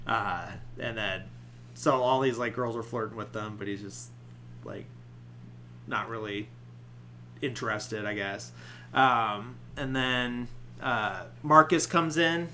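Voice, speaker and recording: A man's voice: mid-range voice, slow pace, long pauses, sharp tone, slight background noise. A man hosting a podcast, casually retelling a movie plot with lots of fillers. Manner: rambling, many filler likes. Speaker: podcast host. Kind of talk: casual film recap.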